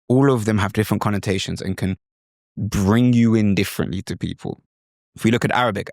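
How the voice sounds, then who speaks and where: A British man hosting an instructional podcast, talking in a lively, demonstrative way and sometimes slipping into mimicked accents. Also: fairly low pitch, brisk, creaky, dry recording, studio quality. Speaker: podcast host.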